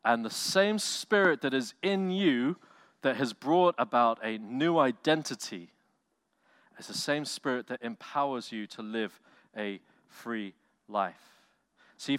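A man preaching with big swings between booming peaks and hushed, low-pitched asides. His voice sits at an ordinary middle pitch. The sound is dry and close, with little room echo. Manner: animated preaching with acted-out quotes, loud swells and soft drops. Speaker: pastor. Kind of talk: sermon.

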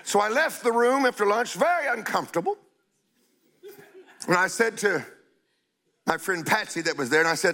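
An older man preaching a sermon in a blunt, scolding way, stretching out key phrases and breaking into shouts. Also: high voice, animated, normal speed, pauses often.

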